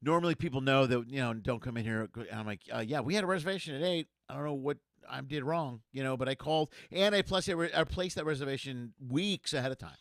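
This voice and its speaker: A man's voice: mid-range voice, fast talker, hardly any pauses, fairly bright tone. A man bantering in casual chat as a comedy show host, with a dry, wry manner.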